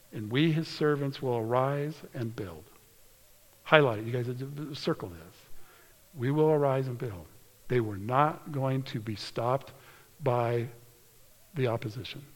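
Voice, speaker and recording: Earnest preacher guy reading scripture, slows down for emphasis, church hall echo. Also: mid-range voice. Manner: earnest, slows for emphasis, drops to a hushed whisper. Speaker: pastor. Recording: long hall reverb.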